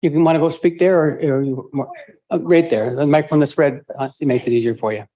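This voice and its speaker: A man's voice: fairly high pitch, quick pace, warm tone. A man chairing a public planning meeting, friendly and informal as he invites speakers forward. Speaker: meeting moderator.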